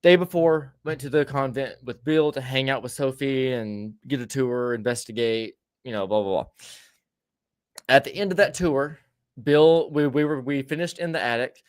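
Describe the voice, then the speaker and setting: A man's voice: medium pitch, normal speed. Male podcast host, casual storyteller, profane and rambling, lots of restarts.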